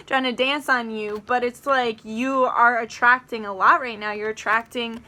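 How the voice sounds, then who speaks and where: A woman's voice: fairly high pitch, level tone, moderate pace, hardly any pauses, pushed and bright. A young woman doing a casual tarot reading to camera, chatty, swearing freely and acting out little quoted asides. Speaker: tarot reader.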